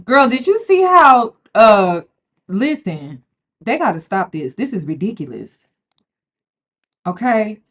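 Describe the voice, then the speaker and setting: A woman's voice: mid-range voice, slow pace, long pauses. A woman giving casual, slangy commentary on a reality show, chatty and talking straight to her viewers. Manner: animated, chatty, slangy, addresses viewers as y'all.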